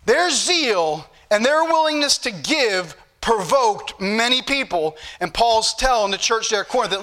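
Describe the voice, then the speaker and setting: A man preaching, his voice high and bright as he exhorts his church. He repeats scripture references over and over and pushes his points in emphatic rising bursts. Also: lively intonation, a little slow, few pauses. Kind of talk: sermon.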